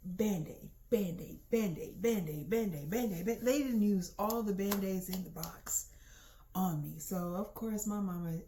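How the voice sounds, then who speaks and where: Animated storytelling woman, mellow voice. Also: medium pitch, measured pace, a little hiss or hum. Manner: animated, slangy, addresses listeners as y'all. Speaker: storytelling podcast host. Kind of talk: casual comedic storytelling.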